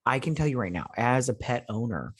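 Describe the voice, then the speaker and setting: A man's voice: medium pitch, expressive, a little fast, breathy edge, no room sound, clean studio sound. A man in his thirties hosting a casual show recap, telling the story in a loose, rambling, amused way with many restarts. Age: 30s. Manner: amused, chatty.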